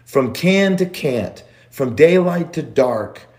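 A man's voice: fairly high pitch, animated, darkish tone. A man preaching a sermon, repeating phrases for emphasis. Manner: slow, drawn-out delivery with repeated phrases for emphasis.

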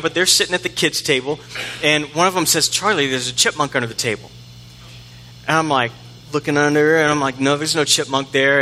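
Casual pastor with a bright, ringing voice. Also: male voice, fairly high pitch. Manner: conversational, self-deprecating, acts out quoted voices. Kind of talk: sermon. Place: church sanctuary. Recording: long hall reverb.

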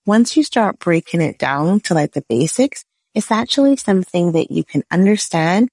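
A woman's voice: on the low side, lively intonation, normal speed, a little mellow, breathy edge, no room sound. A woman who is a business lawyer, explaining legal ideas on a podcast with everyday analogies and frequent "right?" checks. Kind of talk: podcast interview.

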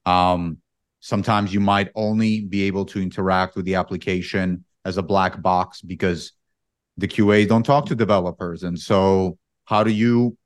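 A man's voice: deep voice, level tone, normal speed, no echo, clean studio sound. A man speaking as a podcast panelist in a casual discussion, hesitant and often repeating his words.

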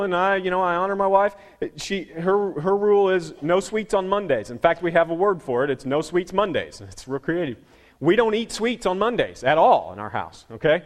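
A middle-aged man preaching a sermon as a pastor, telling stories with dramatic swings from loud to hushed. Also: fairly high pitch.

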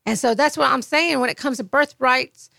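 High, gravelly, emphatic woman. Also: moderate pace, sharp tone, no echo, clean studio sound. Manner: storytelling, emphatic, laughing often. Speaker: podcast co-host. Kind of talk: faith podcast chat.

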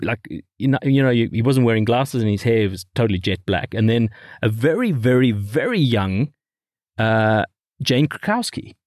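A man's voice: mid-range voice, animated, moderate pace, darkish tone, no echo. Podcast co-host guy, rambly casual chat, keeps laughing at his own bits, dead dry sound. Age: adult, married.

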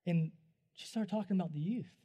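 A man preaching and telling a personal testimony, going from hushed to loud and talking straight to his audience. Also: high-pitched, a little fast. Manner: animated, swings between hushed and loud; talks to the audience directly. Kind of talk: storytelling sermon.

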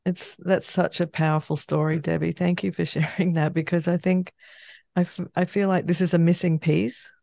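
A podcast host with a gravelly, fairly level delivery, recorded close and dry. The host affirms the guest's story and thinks aloud with small restarts before steering the conversation on. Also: mid-range voice, little pitch movement, moderate pace, darkish tone, dry recording. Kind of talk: conversational interview.

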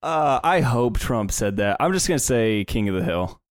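A man's voice: mid-range voice, sing-song, moderate pace, dry recording, studio quality. A man co-hosting a casual podcast, laid-back and wry as he guesses quiz answers. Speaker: podcast co-host.

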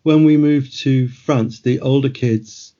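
A man's voice: medium pitch, slow, mellow. A middle-aged man, a guest author, telling rambling anecdotes in casual conversation, laughing as he goes, on muffled lo-fi audio. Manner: rambling anecdotal storyteller, laughs mid-sentence.

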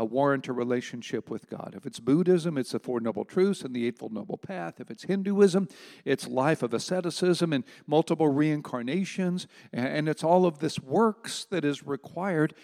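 A man's voice: fairly high pitch, a little mellow, long reverb tail. A man preaching a sermon, emphatic and conversational, with rhetorical asides to his listeners.

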